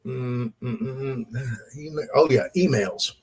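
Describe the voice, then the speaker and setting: A man's voice: mid-range voice, slow pace, darkish tone, slightly rough. A middle-aged man hosting his own show, telling a story in a casual monologue, laughing often and swearing freely. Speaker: show host.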